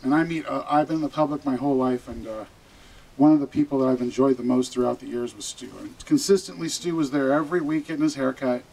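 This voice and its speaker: A man's voice: mid-range voice, steady tone, fast talker, a little mellow, rough recording. Rambling man giving a eulogy. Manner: chatty, rambling with many fillers. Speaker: eulogy speaker, barber. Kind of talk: informal funeral eulogy.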